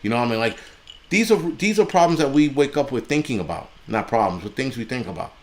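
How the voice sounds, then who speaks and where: A man rants on his livestream, blunt and furious, swearing in nearly every line. His voice sits at an ordinary middle pitch, and he talks straight to his viewers. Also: lively intonation, fast talker. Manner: angry, blunt and heavily profane, mocking voices in quotes. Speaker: livestream host. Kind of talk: profane political rant on a livestream.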